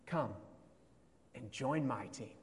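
A man reading the words of a calm, authoritative male teacher in measured, solemn pronouncements. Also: mid-range voice, lightly acted. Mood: inviting. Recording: long hall reverb.

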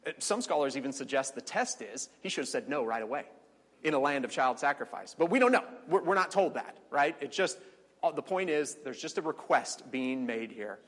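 A man teaching a conversational Bible study, chatty, with fillers and quick quoted asides. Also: medium pitch, animated, a bit bright. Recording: long reverberant hall.

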